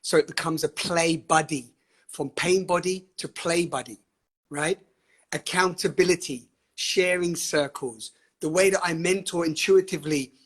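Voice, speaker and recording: A man hosting a live online session, talking with fiery, emphatic passion, laughing often and swearing freely. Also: high-pitched. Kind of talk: passionate live-stream talk. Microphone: webcam or phone on a live stream.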